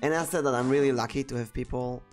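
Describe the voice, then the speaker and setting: A man's voice: mid-range voice, steady tone, fast, faint music behind. A man streaming a game and chatting casually with friends, teasing and laughing often. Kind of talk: casual let's-play chat.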